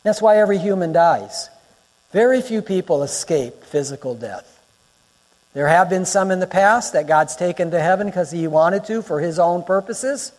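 A male pastor delivers a fervent sermon in a high, lifted voice. He hammers his points home with repeated phrases and swells toward shouting. His words ring out with a long reverb through the church sanctuary. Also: lively intonation, normal speed. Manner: emphatic, rising to near-shouts, repeats phrases for effect.

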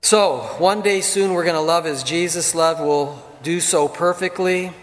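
Male pastor, slightly high voice, earnest conversational sermon with repeated words, long hall echo. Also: unhurried. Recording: long reverb from a large hall.

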